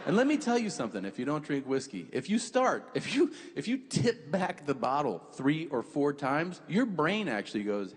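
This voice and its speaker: Male comic on a club stage, swooping animated delivery, long reverb, stand-up set. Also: a little high, moderate pace, few pauses. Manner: animated storytelling, acts out quoted voices, profane. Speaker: stand-up comedian. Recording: reverberant club with faint room noise.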